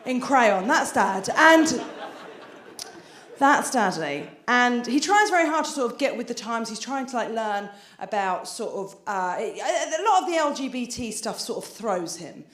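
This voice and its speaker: A woman's voice: a little high, sing-song, unhurried, a bit bright, reverberant. A woman doing a chatty, self-deprecating stand-up set on a theatre stage, with lots of filler restarts. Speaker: stand-up comedian. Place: theatre stage before an audience.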